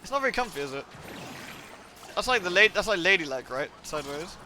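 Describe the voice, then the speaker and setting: Lively, playful man streaming a game. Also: high voice, fast, a little hiss or hum. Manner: chatty, playful, reacts aloud to the game and thanks viewers. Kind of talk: casual live-stream chat. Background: game music.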